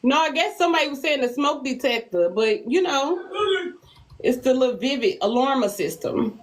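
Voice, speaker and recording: A woman answering questions on a dating show in a hesitant, halting way. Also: high voice, sing-song, poor audio. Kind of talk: casual answers on a live show.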